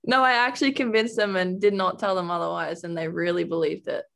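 A woman's voice: on the low side, fairly even intonation, brisk, vocal fry, a bit bright. A young woman from Australia with an Australian accent, a guest in a casual interview, giggly and saying "like" often. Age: young adult. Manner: giggly, says "like" a lot. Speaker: guest, college athlete.

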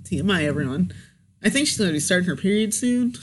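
A woman's voice: lowish voice, lively intonation, fast talker, slightly rough. A woman co-hosting a podcast, talking candidly and emotionally in casual chat, often laughing. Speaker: podcast co-host.

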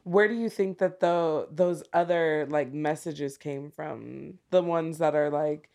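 Slow-talking woman host, curious. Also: sits low, creaky. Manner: curious and warm, with many "like" fillers and laughs. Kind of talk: casual interview chat.

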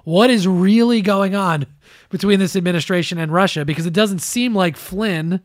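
Male podcast co-host, fairly high voice, dry close mic, animated and profane with mocking impressions. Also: moderate pace, dry recording. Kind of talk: casual political commentary.

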